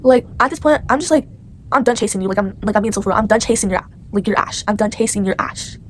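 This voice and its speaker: A woman's voice: fairly high pitch, quick pace, a little hiss or hum. A young female vlogger telling a storytime to the camera in a rambling, indignant way, with many fillers.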